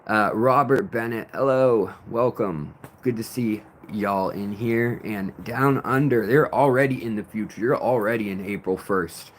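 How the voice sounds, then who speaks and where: A man's voice: on the low side, a little slow, few pauses, a little hiss or hum. A man hosting a casual late-night livestream from outdoors, rambling loosely and greeting viewers by name. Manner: loose and rambling, reads chat names, sometimes raps along. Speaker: livestream host.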